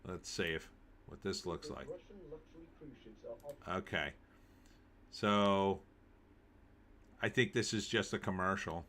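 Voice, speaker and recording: A man's voice: lowish voice, sharp tone. A man hosting a live stream, reading news aloud and cracking wry, jokey asides with frequent laughs.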